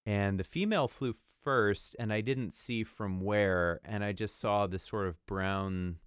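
Man, lower pitch, smooth clear voice, amused storyteller, dry sound. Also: measured pace, no echo. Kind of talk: casual storytelling.

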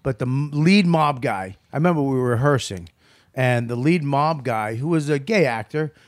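A man's voice: medium pitch, normal speed, dry recording, clean studio sound. Profane man telling a rowdy story. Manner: profane, animated, acts out quotes in loud voices. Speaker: comedian telling a story on a podcast. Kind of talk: casual storytelling chat.

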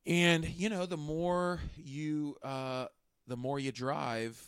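A man's voice: a little high, slow pace, smooth, no room sound, studio quality. A man co-hosting a podcast in casual chat, talking with lots of fillers and easy swearing. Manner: animated, swears freely, many fillers. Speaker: podcast co-host.

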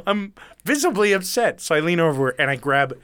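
A man's voice: a little high, brisk, fairly bright tone, clean tone, no room sound, studio quality. A man in his thirties telling a story in casual chat, swearing freely and acting out the other people in it.

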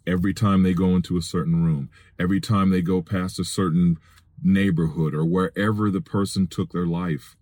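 A man's voice: sits low, fairly even intonation, moderate pace, darkish tone, no room sound. A middle-aged man hosting a Christian podcast from his vehicle, preaching in an earnest, pleading way and raising his voice for emphasis. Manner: earnest, pleading, rises to raised emphatic appeals. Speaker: podcast host and Christian minister.

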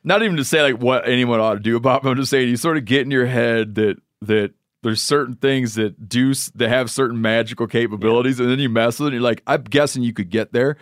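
A man hosting a podcast in casual conversation, thinking out loud and acting out imagined scenes. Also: medium pitch, fairly even intonation, fast, few pauses, dry recording, clean studio sound. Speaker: podcast host.

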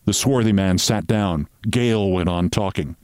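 A man, the show's host, reading a story aloud in a wry, deliberate storytelling manner. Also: deep voice, a little mellow, clean tone, no room sound, clean studio sound. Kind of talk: storytelling narration.

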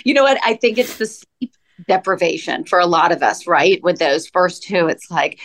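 Animated woman in her forties. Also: fairly low pitch, moderate pace. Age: 40s. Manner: animated storyteller, acts out her own past lines. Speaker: podcast guest. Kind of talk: casual chat.

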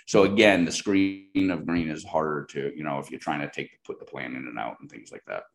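A man's voice: rumbling low, steady tone, fairly quick, vocal fry, roomy sound. A man speaking as the guest in a casual interview, rambling with lots of fillers and restarts. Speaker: guest product expert.

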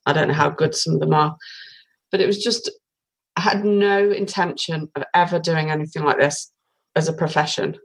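A woman's voice: low voice, fairly even intonation, normal speed, gravelly, slightly rough, poor audio. A woman in her forties from Britain, telling her story in a casual interview with many fillers. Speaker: guest, tarot reader.

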